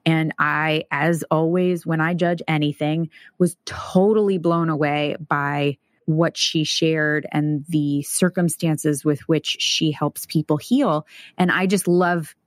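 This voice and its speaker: A woman's voice: deep voice, steady tone, slow, no room sound, studio quality. A woman hosting a recovery podcast, talking enthusiastically and chattily to her guest. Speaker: podcast host. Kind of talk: casual podcast interview.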